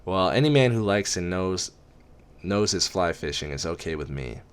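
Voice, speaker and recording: A man's voice: deep voice, lively intonation, normal speed, smooth. A man voicing a plain-spoken, affectionate middle-aged father with an easygoing, folksy manner, read as an amateur audiobook. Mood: fond.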